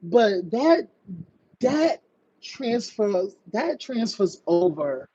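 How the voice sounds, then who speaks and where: A woman hosting a live stream, chatting casually about online drama, reading viewer comments and slipping into high mocking voices to act scenes out. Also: big pitch swings, extremely slow, mellow, breathy edge, no echo. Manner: chatty, slangy, reads viewer comments aloud. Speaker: livestream host. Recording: dull lo-fi stream audio.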